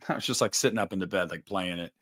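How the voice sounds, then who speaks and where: He talks fast in a low, somewhat bright voice. He's a thirtysomething livestream host whose casual chatter is rambling, profane and full of jokes.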